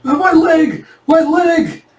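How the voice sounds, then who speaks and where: A man voicing a terrified male bandit who screams in a high, panicked voice. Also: steady tone, takes it slowly. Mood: screaming. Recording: roomy, distant mic.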